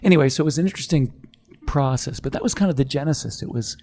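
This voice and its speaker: A middle-aged man, a company founder, telling his story in a podcast interview, animated and quick to act out what others said. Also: medium pitch. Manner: animated storyteller, acts out quoted voices.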